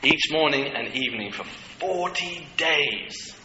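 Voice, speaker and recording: A man preaching a sermon, animated and humorous, with asides to the congregation. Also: fairly high pitch, takes it slowly. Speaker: pastor. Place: church hall. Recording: echoey hall with dull lo-fi sound and clear noise.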